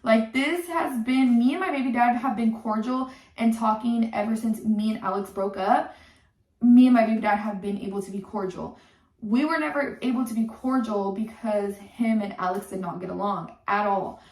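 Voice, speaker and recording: Young woman going off in a story rant, swearing a lot, kinda high voice, echoey and a bit far from the mic. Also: a little mellow. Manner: heated, swearing, talks fast with lots of "like". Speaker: content creator telling a story.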